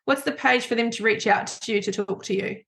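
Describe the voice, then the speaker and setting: A woman's voice: a little high, brisk, gravelly, a bit bright. A woman hosting a podcast, bubbly and self-deprecating, chatting casually with a guest. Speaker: podcast host.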